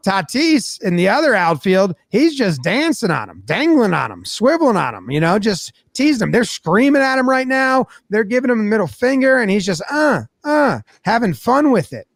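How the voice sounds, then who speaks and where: A man recapping a baseball game in a casual, animated way, storytelling with lots of energy. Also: high-pitched, a little fast, creaky, hardly any pauses, no room sound. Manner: animated storytelling, acts out players' voices. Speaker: sports commentator.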